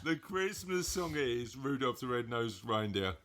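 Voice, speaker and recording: Jokey dad hosting a podcast. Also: male voice, mid-range voice, very animated, measured pace, a bit bright. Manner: jokey, rambling, laughs at his own readings. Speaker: podcast host; father of co-host. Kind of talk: casual chat reading listener answers.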